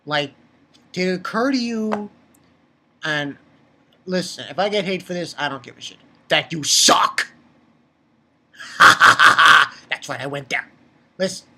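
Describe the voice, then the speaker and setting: A man giving a casual, rambling review of a comic chapter, talking excitably and jumping up in pitch when he gets worked up. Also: takes it slowly, long pauses, husky. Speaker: manga reviewer.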